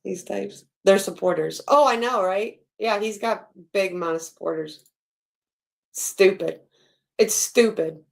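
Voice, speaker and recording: A woman's voice: mid-range voice, measured pace, gravelly. A woman hosts a casual stream and picks apart a video with blunt, scornful remarks. She talks plainly and swears now and then. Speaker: stream host reacting to a video. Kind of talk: critical commentary, casual.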